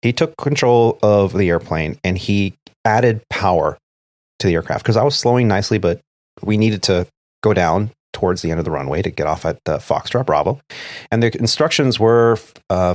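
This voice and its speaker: A man's voice: sits low, moderate pace, no echo, clean studio sound. A man, an airline first officer, telling a story from work in a casual podcast chat, acting out the radio calls as he goes. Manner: recounts events step by step, acting out quoted radio calls.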